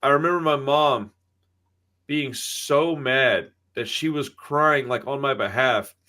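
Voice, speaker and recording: Taking his time, this man speaks at medium pitch with a pushed, bright quality. He's in his thirties and co-hosts a podcast, chatting loosely, swearing a lot, and impersonating those he quotes in his stories.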